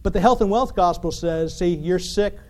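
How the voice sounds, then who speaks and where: A man preaching a sermon in an animated, emphatic, conversational way, full of rhetorical questions. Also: high voice, normal speed.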